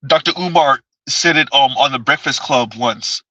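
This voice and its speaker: Male livestream host, bright and slightly high, rambling and repetitive, laughs a lot, dry close sound. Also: moderate pace, no echo, low-quality recording. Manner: rambling, repeats himself, laughs often. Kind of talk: casual live chat reading comments.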